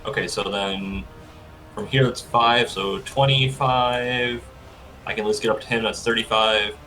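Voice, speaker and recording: A man's voice: fairly low pitch, steady tone, unhurried, bright, forceful tone, soft background music. A man playing a tabletop game, talking hesitantly and thinking aloud about his moves. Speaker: player. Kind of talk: casual chat.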